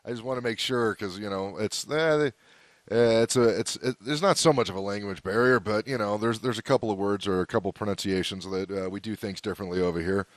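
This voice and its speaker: A man's voice: on the low side, fast talker, dry recording, clean studio sound. A man from the United States hosting a podcast, talking in a loose, chatty way with many fillers and restarts. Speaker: podcast host. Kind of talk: casual interview chat.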